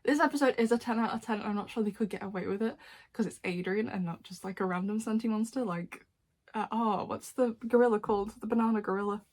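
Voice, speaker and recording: A woman's voice: mid-range voice, a little mellow. Chatty young woman. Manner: chatty, laughs often, quick asides. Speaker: fan reviewer. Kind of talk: casual chat. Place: dim room at home.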